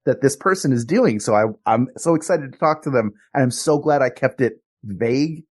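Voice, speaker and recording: Excitable storytelling man. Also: medium pitch, normal speed. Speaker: podcast co-host. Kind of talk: casual comedic chat.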